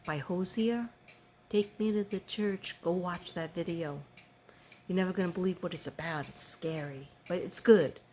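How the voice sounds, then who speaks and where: A woman's voice: lowish voice, moderate pace, darkish tone, slight background noise. An older woman chatting casually to her viewers, rambling with many ums and restarts. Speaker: vlogger.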